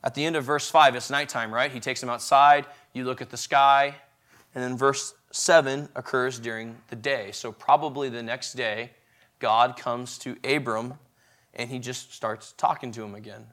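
A man preaching an evening sermon in a conversational way, asking the listeners questions and varying his loudness and pace. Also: medium pitch, normal speed. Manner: conversational, asks the audience questions; lively, shifting loudness and pace.

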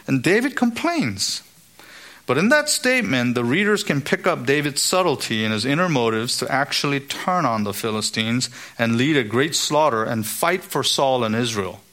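Man teaching Scripture, lively and questioning, voices the quoted characters, middle pitch. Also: moderate pace. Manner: animated, asks rhetorical questions, acts out quoted characters. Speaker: Bible teacher. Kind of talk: expository Bible teaching.

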